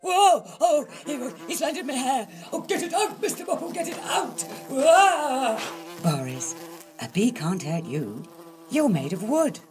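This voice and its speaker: A woman's voice: high-pitched, very animated, a little slow, background noise. Lady doing a bossy little girl puppet, bouncy voice, music going. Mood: indignant.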